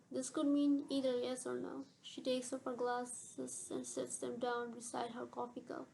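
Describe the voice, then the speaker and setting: Woman narrator for a novel; high, even delivery, measured and steady. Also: vocal fry, slight background noise, poor audio. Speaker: audiobook narrator.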